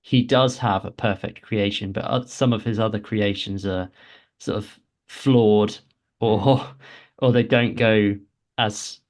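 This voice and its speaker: A man with a fairly low voice talks through game lore on a podcast. He is casual and hesitant, often doubling back to restart a phrase. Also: steady tone, takes it slowly. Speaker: podcast co-host.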